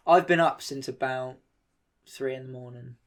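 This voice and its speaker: A man's voice: mid-range voice, normal speed. A man, co-hosting a podcast and rambling through casual, sweary banter. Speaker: podcast co-host.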